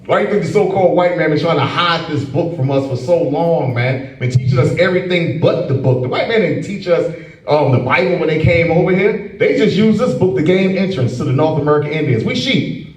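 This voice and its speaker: Emphatic high-voiced preacher, echoey room. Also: male voice, lively intonation, brisk. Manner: emphatic, tags lines with "man" and "okay?"; mocking asides and chuckles. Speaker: preacher leading a scripture class. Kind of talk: informal preaching. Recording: echoey room, mic at a distance.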